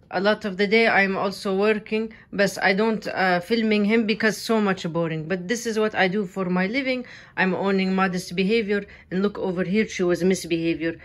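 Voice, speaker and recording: A young woman narrating a comedic day-in-the-life vlog in playful, deliberately broken English. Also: mid-range voice. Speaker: comedy vlogger.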